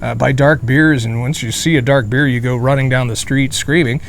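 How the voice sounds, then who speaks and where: A man's voice: mid-range voice, steady tone, normal speed, creaky. A man hosting a casual beer review vlog outdoors in a beer garden, chatty and rambling with jokey asides, sweating in the heat. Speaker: beer reviewer, channel host.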